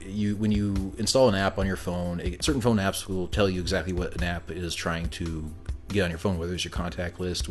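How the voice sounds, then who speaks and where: Podcast co-host, man, deep-voiced, sarcastic, opinionated casual chat. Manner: wry, opinionated, quick sarcastic quips.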